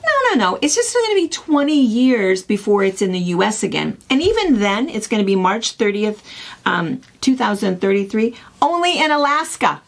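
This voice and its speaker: A middle-aged woman co-hosting a casual chat, telling stories in a rambling, animated way. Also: medium pitch, moderate pace, gravelly. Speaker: co-host.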